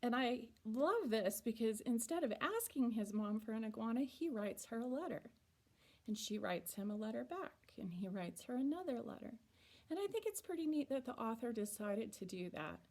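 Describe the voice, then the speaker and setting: A woman teacher giving a reading lesson to young children, slowly and patiently sounding words out. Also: a little high, big pitch swings, a little mellow. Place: school or classroom.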